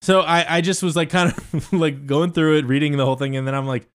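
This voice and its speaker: A man, a stand-up comedian, casually telling a rambling story, swinging between loud asides and muttered remarks with loose, profane phrasing. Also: a little high, steady tone, fairly quick, smooth. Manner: loose and profane, lots of fillers and restarts.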